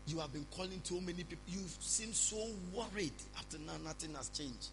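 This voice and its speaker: A man preaching a sermon, speaking calmly and reassuringly to his congregation. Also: a little high, brisk, few pauses, background noise. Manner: preaching, shifts from loud prayer to calm counsel. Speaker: pastor.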